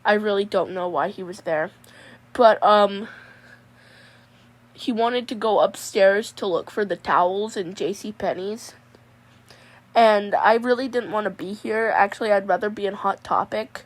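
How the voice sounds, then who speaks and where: A woman's voice: medium pitch, unhurried, lightly acted. A woman doing a drawling mullet-haired dude. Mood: rambling. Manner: drawling, rambling, keeps saying "mon". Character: goofy laid-back young guy with a mullet. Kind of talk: comedic character monologue.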